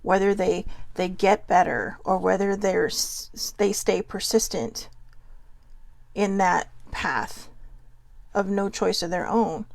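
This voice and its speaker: Gravelly-voiced woman talking from the heart. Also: on the low side, a little mellow, no echo. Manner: heartfelt, reflective, storytelling. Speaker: mental health vlogger. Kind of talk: earnest personal talk to viewers.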